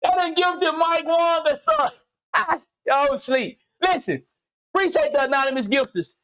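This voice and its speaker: A man hosting a gaming channel, delivering a loud, slangy, profane comedic rant that swings into shouting. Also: extremely high pitch, expressive, moderate pace. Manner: slangy, repetitive, teasing.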